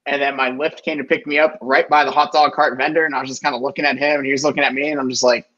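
A man's voice: mid-range voice, flat delivery, rapid-fire, a bit bright, lo-fi sound. A man telling a story in a casual podcast chat, rambling with many restarts and fillers. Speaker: podcast guest.

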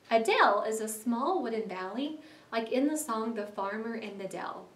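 A woman teacher reading a story aloud for a class in an expressive way, stopping to explain words. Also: fairly high pitch, normal speed, reverberant, distant mic. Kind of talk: read-aloud lesson narration.

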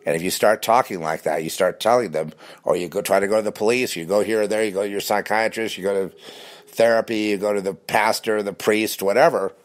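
A man talking in a rambling, animated casual monologue with many restarts. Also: fairly low pitch, a little fast.

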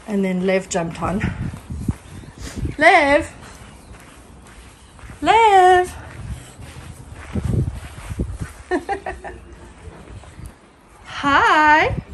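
A woman vlogging casually in her garden on a handheld phone. She chats with viewers, giggles often and calls out to her dogs. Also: mid-range voice. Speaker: dog owner and vlogger. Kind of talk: casual vlog talk to viewers. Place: home garden outdoors. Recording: noisy outdoor phone recording.

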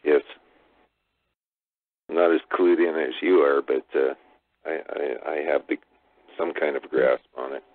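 Low-voiced man on a phone line. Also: fairly even intonation, measured pace, long pauses, dry recording. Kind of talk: casual phone-in talk. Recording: tinny phone line, dry.

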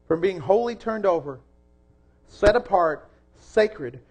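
A young man preaching a sermon in a church, earnest, rising to loud emphasis and dropping soft again. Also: high-pitched, expressive, takes it slowly. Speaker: pastor.

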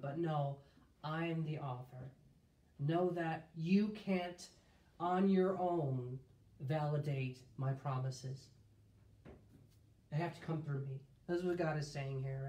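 A man's voice: a little high, steady tone, slow pace, long pauses, mellow. A man leading a casual Bible study, thinking aloud with restarts and reading scripture in a lifted voice. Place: room streamed live. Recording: roomy echo.

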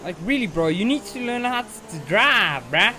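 A man's voice: high voice, lively intonation, moderate pace, noisy background. A young man commenting on a racing game he is playing, frustrated and swearing at a rival driver. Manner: frustrated, swearing ranting at an opponent. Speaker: gaming channel host.

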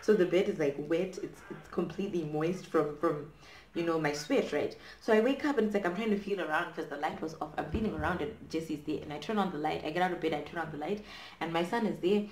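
A woman's voice: low voice, fast, darkish tone, a little hiss or hum. Chatty woman telling a dramatic story. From Zimbabwe. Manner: chatty, dramatic, lots of fillers like "like" and "right?". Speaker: vlogger. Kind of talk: storytime chat while doing hair. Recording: echoey room.

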